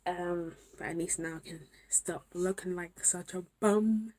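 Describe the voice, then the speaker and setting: Young woman vlogger, low voice, tired, hushed and emotional, faint hiss behind. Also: steady tone, a little slow. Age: young adult. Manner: overwhelmed, drifts between whispering and exclamations. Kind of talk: late-night emotional vlog to camera.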